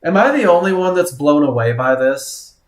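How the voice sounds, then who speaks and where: Guy running a live trading class, gets all worked up over the charts, slightly high voice, echoey room. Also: moderate pace. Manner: excitable, exclaiming at the charts. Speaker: trading instructor. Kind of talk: live trading webinar commentary.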